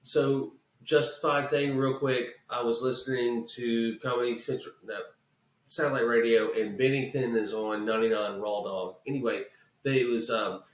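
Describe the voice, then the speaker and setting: A man's voice: mid-range voice, steady tone, normal speed, echoey room, far from the mic. A man with a Southern US accent, co-hosting a podcast, telling a rambling story and swearing freely. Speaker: podcast co-host. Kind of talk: casual chat.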